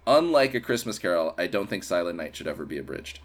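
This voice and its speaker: Male podcast co-host, lower voice, dry wry recap delivery. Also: quick pace. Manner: wry, deadpan build-ups, laughs mid-sentence. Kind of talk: casual movie recap chat.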